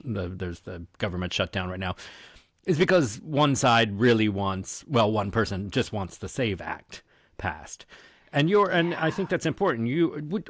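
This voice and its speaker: Man, podcast host, lowish voice, dry sound, hesitant and rambling. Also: no room sound. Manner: rambling, hesitant, many fillers and restarts. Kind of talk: casual chat.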